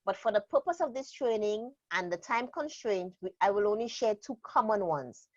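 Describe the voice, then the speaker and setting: A woman trainer talks through her method in a steady, emphatic way, slowing down to lean on key words. Her voice sits mid-range. The recording sounds slightly dull and lo-fi. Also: medium pitch. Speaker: productivity trainer. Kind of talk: instructional interview talk.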